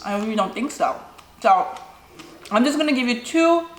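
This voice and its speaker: A woman's voice: a little high, expressive, normal speed, slight background noise. A young woman vlogger answering viewer questions in a casual, rambling chat, full of "like" and "you know". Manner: chatty, lots of "like" and "you know". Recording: echoey room.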